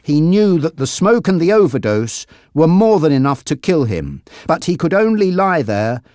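A narrator reading a crime story aloud in a deliberate, expressive way. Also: mid-range voice, no room sound, studio quality. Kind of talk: slow dramatic storybook reading.

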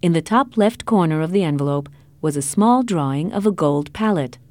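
A woman reading a story aloud in a clear, measured way. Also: on the low side, animated, a little mellow, dry recording. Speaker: narrator. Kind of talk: scripted storybook narration.

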